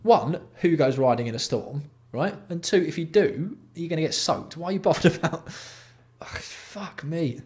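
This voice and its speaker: A man's voice: fairly high pitch, animated, a little fast, hardly any pauses, darkish tone. A young man hosting a livestream, reading product copy aloud and mocking it with sweary, exasperated commentary. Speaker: livestream host.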